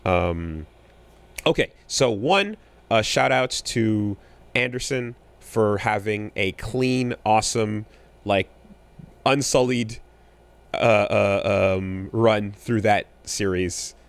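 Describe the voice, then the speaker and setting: A man co-hosting a podcast in casual chat, talking in a rambling, animated way with many fillers and restarts. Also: fairly low pitch, slow, clean tone. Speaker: podcast co-host.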